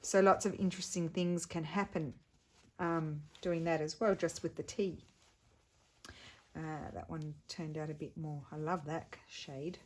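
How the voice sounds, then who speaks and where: A middle-aged woman hosts a relaxed craft tutorial, her voice sitting a little on the low side. She chats loosely, trailing off and picking her thoughts back up as she shows her materials. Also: a little slow. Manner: chatty, rambling, trails off and restarts. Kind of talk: casual craft demonstration.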